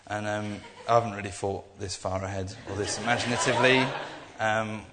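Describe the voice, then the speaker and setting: A man's voice: on the low side, flat delivery, brisk, a loud crowd. A young man giving an informal sermon, talking in a rambling, earnest way with many restarts. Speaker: preacher. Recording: echoey hall.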